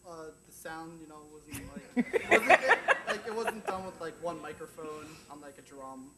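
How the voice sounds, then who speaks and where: A man's voice: on the high side, normal speed, crowd noise, poor audio. A man in a workshop audience, answering hesitantly and filling his talk with "like" and "you know". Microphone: far from the mic.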